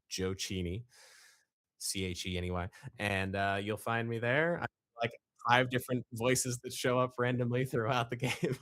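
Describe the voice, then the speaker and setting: A man who is a voice actor, a guest talking in a relaxed, halting way. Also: lowish voice, dry recording, clean studio sound. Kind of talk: casual live-stream chat.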